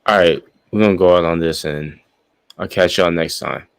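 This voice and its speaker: A young man with a notably deep, low voice drifts through a loose, rambling sign-off to his stream, swearing freely. He sounds high and unhurried, recorded close and dry with no room around him. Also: gravelly, clean tone, dry recording. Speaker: live streamer. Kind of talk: casual stream sign-off chat.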